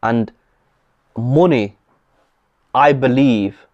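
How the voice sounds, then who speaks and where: A man co-hosting a podcast conversation, speaking in a measured, reflective way. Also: medium pitch, darkish tone, no room sound, lo-fi sound. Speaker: podcast co-host.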